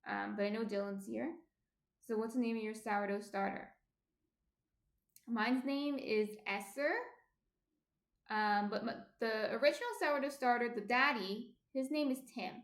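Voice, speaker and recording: A woman's voice: a little high, steady tone, a little slow, long pauses. A woman with a New Jersey accent chatting casually with her live-stream viewers as she bakes at home, often trailing off with ums. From New Jersey, USA. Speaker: baking streamer. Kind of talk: casual live-stream chat while baking. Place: home indoors near kitchen. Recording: roomy echo.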